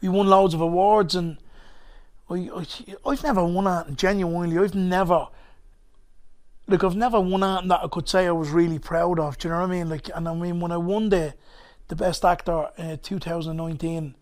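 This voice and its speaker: Dublin man, high-pitched, chatty guest with a rambling, candid way of telling a story. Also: fairly even intonation, normal speed. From Ireland. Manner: rambling, frank, peppered with "do you know what I mean". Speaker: guest, actor and comedian. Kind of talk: casual storytelling chat.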